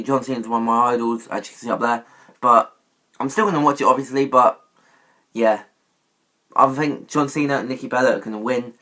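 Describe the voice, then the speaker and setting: A man's voice: mid-range voice, a bit bright. Rambling man vlogging wrestling predictions. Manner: rambling, self-correcting with many fillers. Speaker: YouTube wrestling commentator. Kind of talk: casual predictions vlog.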